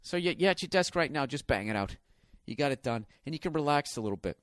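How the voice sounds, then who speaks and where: A man's voice: a little high, expressive, fast talker, dry recording, studio quality. Profane, ranting Boston man hosting a podcast. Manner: profane, ranting, sarcastic, with sudden loud exclaims. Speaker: podcast host. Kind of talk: casual comedic podcast monologue, live ad read.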